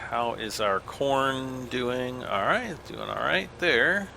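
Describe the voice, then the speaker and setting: A man's voice: medium pitch, lively intonation, takes it slowly, gravelly, sharp tone, a little hiss or hum. A middle-aged American man giving casual, rambling gameplay commentary, self-deprecating and chuckling often. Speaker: gaming channel host.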